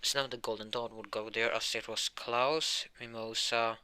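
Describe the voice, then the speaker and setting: A man's voice: mid-range voice, fairly even intonation, moderate pace, sharp tone, smooth. A man narrating an improvised fan story, rambling with many fillers and self-corrections.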